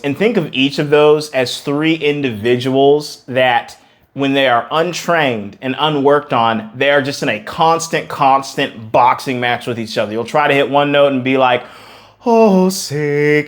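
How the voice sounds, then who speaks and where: Emphatic male vocal coach. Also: mid-range voice. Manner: emphatic, repeats words for stress; breaks into sung demonstrations. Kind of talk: singing lesson to camera.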